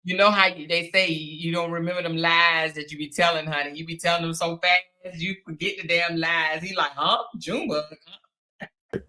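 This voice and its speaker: A woman's voice: fairly low pitch, flat delivery, brisk, few pauses, pushed and bright. A woman hosting a reaction commentary, sassy, blunt and mocking in a casual way.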